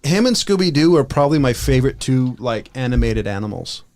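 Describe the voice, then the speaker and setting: A man's voice: medium pitch, very animated, brisk, a little mellow. Male podcast co-host, mid-range voice, casual rambling chat with false starts. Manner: rambling, repeats words when starting sentences.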